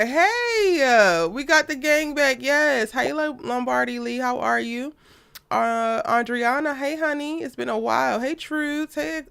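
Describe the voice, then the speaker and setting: A woman hosts a live stream in a lively, chatty way, greeting viewers one by one. Her voice is smooth and a bit high for a woman, though still recovering after she lost it. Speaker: host.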